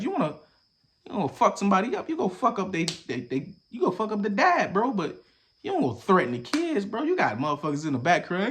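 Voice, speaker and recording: A young man talks through his reaction in loose, profane commentary, his pitch leaping and dropping all over. He goes from loud, punchy outbursts to low, muttered asides. It sounds like casual podcast talk. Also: brisk. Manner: animated, profane, switches between loud acted-out bits and low mutters. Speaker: podcast host reacting to a viral video.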